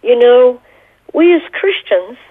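A woman's voice: on the high side, very animated, slow, dry recording. A middle-aged woman, a guest, earnestly telling a personal story in an interview. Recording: tinny phone line.

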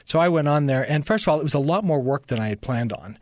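A man's voice: on the high side, lively intonation, fast talker, no echo. Man author with restarts, dry studio sound. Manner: stammering restarts, acts out quoted voices. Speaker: author guest. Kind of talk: interview, animated storytelling.

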